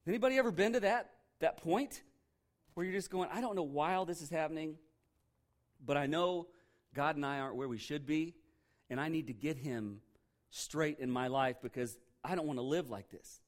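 A man's voice: on the high side, moderate pace. A middle-aged man preaching a sermon in a casual, conversational way, often asking the congregation rhetorical questions. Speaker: pastor.

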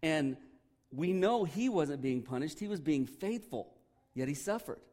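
A man's voice: fairly high pitch, animated, a little slow, a little mellow. A man preaching a sermon as pastor in a loose, conversational way, joking and asking the congregation questions.

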